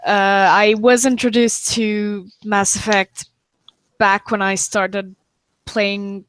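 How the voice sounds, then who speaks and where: A woman from Quebec, Canada, speaking in an unhurried way with pauses as a guest on an online panel. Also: mid-range voice, level tone, fairly bright tone, clean tone. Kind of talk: casual chat.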